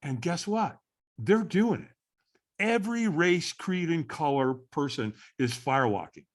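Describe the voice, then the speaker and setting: A middle-aged man, a podcast guest, tells a story with animated repetition. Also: fairly high pitch, unhurried. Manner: animated storyteller who repeats phrases for effect. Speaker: podcast guest, firewalking instructor.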